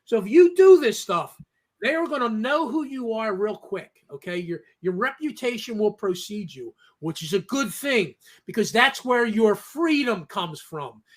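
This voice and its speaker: A man's voice: high-pitched, lively intonation, unhurried. A man co-hosting a casual talk show, telling stories emphatically and often tagging his points with "okay?". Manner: emphatic, storytelling, keeps adding "okay?". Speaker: co-host. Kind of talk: casual podcast chat.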